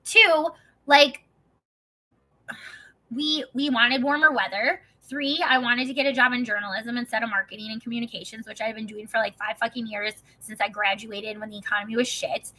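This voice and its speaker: A young woman from Wisconsin vents through a personal story in a loose, fired-up vlog. She talks in a high, very bright and sharp voice. She swears freely and strings her sentences together with "like.". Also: fairly even intonation, moderate pace, rough recording. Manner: profane, heated, heavy use of "like" as filler. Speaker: vlogger. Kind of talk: casual storytelling.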